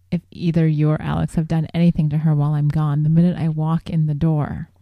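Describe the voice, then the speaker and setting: A woman co-hosting a podcast, talking in a calm, affirming way in casual conversation. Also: low-pitched, brisk, no room sound, highs cut off. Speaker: podcast co-host.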